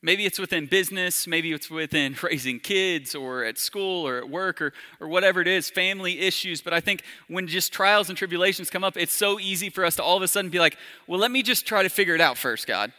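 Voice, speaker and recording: A man preaching a sermon in a casual, conversational way, with soft, intimate appeals to the congregation. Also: high voice, a little fast, few pauses, long reverb tail. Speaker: pastor.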